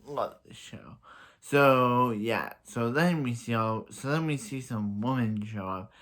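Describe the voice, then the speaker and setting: A man's voice: mid-range voice, expressive, slow pace, fairly bright tone. A man casually recapping and reviewing a TV episode, rambling with many fillers, restarts and the odd laugh. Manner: laughs at own jokes. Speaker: show reviewer.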